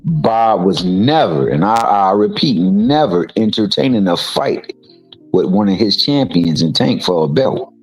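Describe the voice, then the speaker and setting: Low-voiced man in emphatic boxing talk. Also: animated, moderate pace, faint music behind, rough recording. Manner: emphatic, repeats words. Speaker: co-host. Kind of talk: casual boxing chat.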